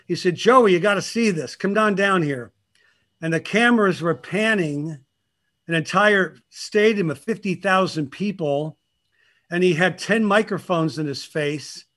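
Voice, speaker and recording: Older guy guesting on a talk show, high voice, tells stories all lively and laughs a lot. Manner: animated storyteller, laughs often. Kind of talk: casual interview chat.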